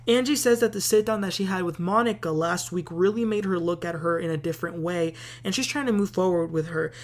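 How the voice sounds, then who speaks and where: A woman's voice: fairly low pitch, fairly quick, hardly any pauses. A woman hosting a casual TV recap, chatty and opinionated, with plenty of filler words. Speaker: host.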